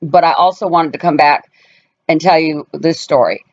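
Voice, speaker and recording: A woman's voice: sits low, normal speed. Woman, family vlogger, casual storytelling, emphatic, slightly dull lo-fi sound. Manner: emphatic, animated, acts out voices in quotes.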